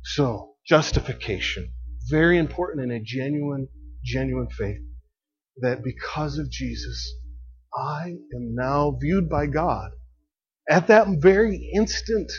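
A man preaching in a relaxed, conversational way, laughing often and swinging between quiet and emphatic. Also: mid-range voice, highs cut off. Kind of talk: sermon.

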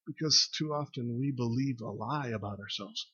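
Guy pastor giving a sermon, chatty w fillers, bright voice, lo-fi audio. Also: medium pitch, lively intonation, a little slow, slightly rough. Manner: conversational, with fillers and emphatic repeats. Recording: lo-fi dull recording.

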